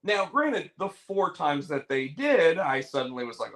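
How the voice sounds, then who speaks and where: A man's voice: fairly high pitch, big pitch swings, measured pace, a bit bright. A man hosting a podcast in casual chat, rambling animatedly and restarting his sentences. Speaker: podcast host. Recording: echoey room.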